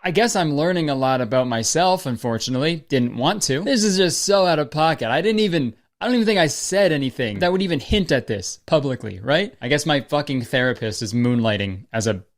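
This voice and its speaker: A man's voice: on the high side, expressive, fairly quick, few pauses. A young man from Canada giving comedic commentary in a sarcastic, self-mocking way, swearing freely. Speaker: comedy YouTuber.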